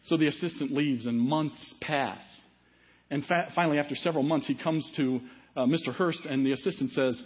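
Husky-voiced middle-aged preacher. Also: male voice, on the high side, moderate pace. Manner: conversational, asks the congregation questions. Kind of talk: sermon. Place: church service. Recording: dull, muffled sermon audio.

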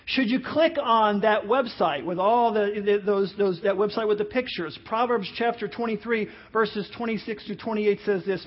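A man's voice: high voice, normal speed, few pauses. A male pastor preaching a conversational sermon, full of rhetorical questions. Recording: muffled lo-fi audio.

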